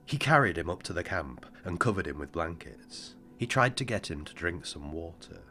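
A man with a very deep voice narrates an audiobook in a measured, somber way. His delivery moves expressively up and down. Soft music sits faintly beneath him. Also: expressive.

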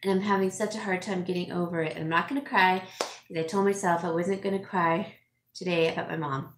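A woman's voice: lowish voice, steady tone, brisk, slight background noise. A middle-aged woman vlogger chatting with her viewers, emotional and teary, with frequent fillers and laughs. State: teary, sniffling. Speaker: home stager and vlogger. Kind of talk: casual chat reading viewer comments. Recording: echoey room.

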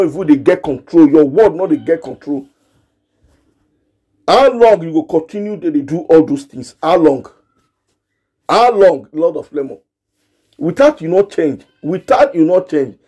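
A man's voice: high-pitched, dark tone. A man from Nigeria with a Nigerian Pidgin accent, giving a scolding commentary that speaks straight to the people he criticizes and repeats himself for emphasis. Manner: scolding, repetitive, direct address. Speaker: gossip commentator. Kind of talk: ranting commentary.

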